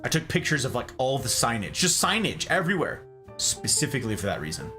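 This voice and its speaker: A man's voice: medium pitch, sing-song, fast talker, bright, forceful tone, soft background music. A man hosting a live stream in casual chat, reading out viewers' messages and answering them.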